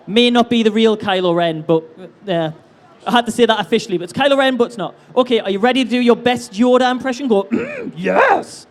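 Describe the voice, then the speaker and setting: A man's voice: very high voice, fast. A man hosting a live convention stage game, teasing contestants with upbeat, jokey banter.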